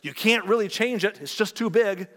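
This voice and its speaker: A fairly high-voiced man preaching in a church, his sermon ringing through the long reverb of a large hall. He keeps it conversational and animated, slipping in joking asides and little impressions of other people. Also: moderate pace. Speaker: pastor.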